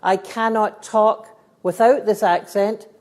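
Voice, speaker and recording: Slow and steady, with a mid-range, darkish voice, a middle-aged Scottish woman addresses teachers at a live event. As guest speaker, she shares stories, laughs, and answers questions earnestly across a talk and Q&A.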